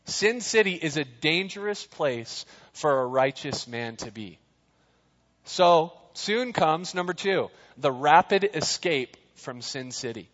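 A man's voice: on the high side, fairly bright tone. A man giving a casual sermon to a young crowd, chatty and jokey, often throwing questions at the listeners. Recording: dull sound in a reverberant hall.

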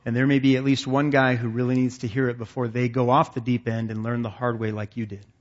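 A man preaching to a men's gathering in a relaxed, folksy tone, joking at his own expense between points. His voice sits at an ordinary middle pitch. The live recording sounds a bit dull and muffled. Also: fast talker. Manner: folksy, conversational, self-deprecating preaching. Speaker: men's ministry leader.

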